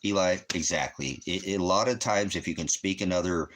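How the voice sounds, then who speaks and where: Deep-voiced man, 50s, American, profane rambling rant. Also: a little fast, a bit bright. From United States. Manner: profane, ranting, loose and rambling. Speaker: channel host. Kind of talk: casual rambling monologue. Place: at home.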